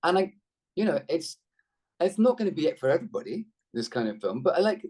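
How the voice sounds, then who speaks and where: A man in middle age talks through a video call, his voice husky and swinging up and down as he rambles from one anecdote to the next. He stays chatty and self-deprecating, often restarting his sentences. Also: a little high, very animated, fast, a little mellow. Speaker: actor guest. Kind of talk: casual interview chat.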